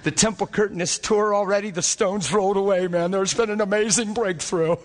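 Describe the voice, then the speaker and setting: An impassioned male preacher with a high voice pours out a sermon, firing rhetorical questions and climbing to emphatic peaks. His voice rings out with long reverb in a church hall. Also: brisk, slight background noise. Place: church service before a congregation.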